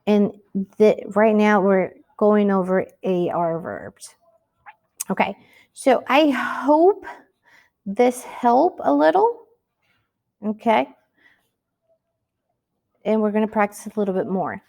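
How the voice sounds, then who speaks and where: A woman's voice: mid-range voice, animated, slow pace, creaky, long pauses, a little mellow. A woman teaching a Spanish lesson, speaking patiently and asking the listener rhetorical questions. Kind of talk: recorded classroom lesson.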